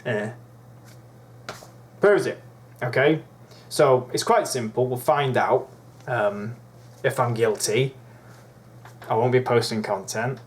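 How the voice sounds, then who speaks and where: Young man, swearing, indignant, rambling, mid-pitched vlogger. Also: takes it slowly, pauses often, slight background noise. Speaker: YouTuber. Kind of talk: ranting vlog monologue.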